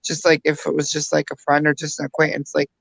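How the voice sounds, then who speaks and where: A woman's voice: low-pitched, completely flat delivery, quick pace, creaky, no room sound, rough recording. Chatty woman with a dry voice. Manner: rambling, many restarts and fillers. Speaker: podcast co-host. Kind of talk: casual chat.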